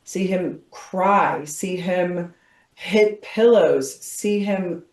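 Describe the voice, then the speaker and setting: A woman tapping coach, calmly directing and leading a guided visualization. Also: fairly low pitch, very slow. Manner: calm, directive, guiding visualization. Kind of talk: guided healing session. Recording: roomy echo, distant from mic.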